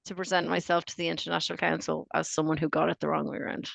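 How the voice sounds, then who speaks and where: Gravelly Australian woman podcast co-host. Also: deep voice, little pitch movement, very fast, fairly bright tone, no room sound. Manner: joking, teasing, self-mocking. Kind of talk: casual chat.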